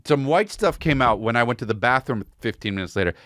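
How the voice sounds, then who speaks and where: A man's voice: medium pitch, lively intonation, fast, a bit bright, no room sound, clean studio sound. A man hosting a comedy podcast, ranting casually with a lot of swearing and calling people "dude.". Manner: profane, riffing, says dude a lot. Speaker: podcast host.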